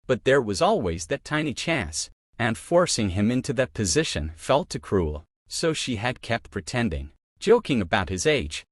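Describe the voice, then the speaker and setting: A man narrating a love story with an expressive, emotional reading. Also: fairly low pitch, dry recording, clean studio sound.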